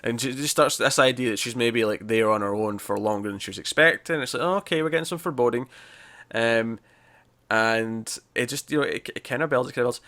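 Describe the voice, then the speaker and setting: Male co-host, mid-pitch, loose chatty review delivery with lots of restarts. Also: pushed and bright. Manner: rambling, restarts, acts out scenes in quick voices. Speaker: podcast co-host reviewing a TV episode. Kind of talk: casual spoiler review chat.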